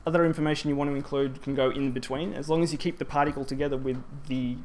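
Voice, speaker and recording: A man's voice: mid-range voice, steady tone, fast talker. Man giving a hesitant grammar talk. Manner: explanatory, frequent ums and self-corrections. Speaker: presenter at a language teaching symposium. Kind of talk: conference talk explaining grammar.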